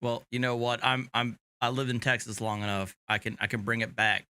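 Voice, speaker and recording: A man chatting on his stream in a relaxed, joking way after a few beers. His voice is bright and clean, and the room sounds dry and close. He sits near the mic. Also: medium pitch, brisk, clean tone, dry recording. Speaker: streamer host. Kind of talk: casual live-stream chat.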